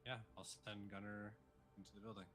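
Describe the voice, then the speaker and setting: A man's voice: lowish voice, little pitch movement, fast, pushed and bright, faint music behind. A man playing in a tabletop game, speaking hesitantly with fillers as he decides his character's moves. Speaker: player. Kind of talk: casual tabletop game talk.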